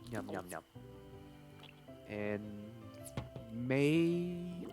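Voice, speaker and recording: A young man rambles casually while he streams a game, his voice sitting at an ordinary middle pitch. He is playful and reads the game's dialogue aloud as he goes, with soft music underneath. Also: sing-song, extremely slow. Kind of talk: casual live-stream gameplay chat.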